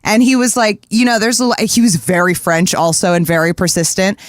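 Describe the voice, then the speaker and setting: A woman's voice: medium pitch, little pitch movement, fairly quick, no room sound, studio quality. A woman co-hosting a podcast in casual chat, candid and blunt, swearing now and then. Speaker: podcast co-host.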